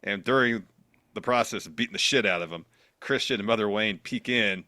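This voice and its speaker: A man's voice: on the low side, brisk, dry recording. A man co-hosting a wrestling podcast, telling what happened in the matches step by step. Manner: steady play-by-play storytelling. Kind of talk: recapping matches.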